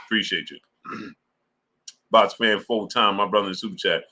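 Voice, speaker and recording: A man with a very deep voice and a forceful, bright edge, hosting a casual sports livestream. He tells a story in animated bursts, full of slang and repeated exclamations, and breaks off to thank viewers in the chat. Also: normal speed. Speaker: sports channel host. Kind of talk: livestream chat with super chat shoutouts.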